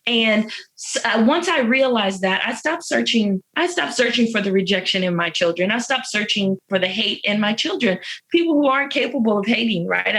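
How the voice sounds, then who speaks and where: A woman's voice: medium pitch, fairly bright tone, rough recording. Woman talking from jail, earnest and churchy, repeats herself for emphasis, a bit choked up. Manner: earnest, faith-filled, emphatic repetition. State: emotional. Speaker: interview guest, incarcerated mother. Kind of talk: heartfelt personal testimony.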